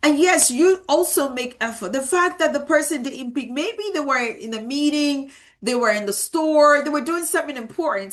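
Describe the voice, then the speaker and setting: This woman in her thirties has a high voice with a fairly bright tone. Her motivational realtor training talk mixes anecdotes from her job, and she stresses and repeats key words as she goes.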